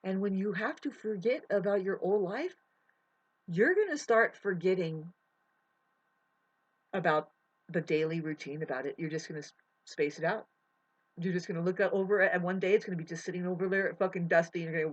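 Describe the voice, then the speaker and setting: A woman in a rambling spiritual monologue, emotional and swearing, drifting between soft musing and loud outbursts. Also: mid-range voice, expressive, normal speed. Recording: dull lo-fi audio.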